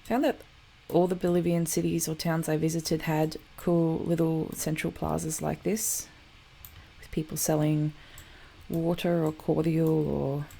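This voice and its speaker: A woman's voice: low-pitched, vocal fry, warm tone, a little hiss or hum. A woman hosting a geography show, chatting casually over map footage and often correcting herself.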